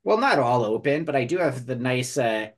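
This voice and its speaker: A man's voice: mid-range voice, lively intonation, normal speed. A man co-hosting a casual podcast, telling a story in a mock-solemn way. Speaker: podcast co-host. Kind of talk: casual chat.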